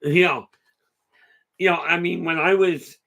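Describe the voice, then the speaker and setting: A man's voice: sits high, fairly even intonation, unhurried, creaky, pushed and bright. A man hosting a casual live talk, telling a long story in a rambling, chatty way and answering viewer comments. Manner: rambling, chatty, with many restarts and asides. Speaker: host.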